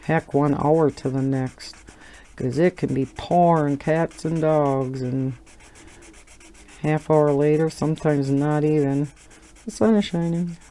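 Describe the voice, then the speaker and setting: Middle-aged woman from Wisconsin with a local accent, relaxed drawn-out chat, soft mellow voice, laughs easily. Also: sits low. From Wisconsin, USA. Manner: chatty, rambling, laughs often. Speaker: coloring channel host. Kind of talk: casual chat while coloring.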